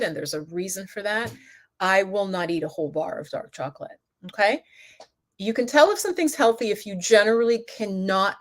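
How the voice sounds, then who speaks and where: A middle-aged woman hosting a casual live stream, chatting with viewers, reading out their comments by name and laughing often. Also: mid-range voice. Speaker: yoga and mindfulness channel host. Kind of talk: casual livestream talk reading chat comments.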